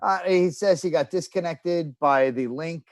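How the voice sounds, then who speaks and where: Wisecracking co-host guy, a bit high voice, dry close sound. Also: a little slow, dry recording. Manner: wisecracking, teasing. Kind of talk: casual chat.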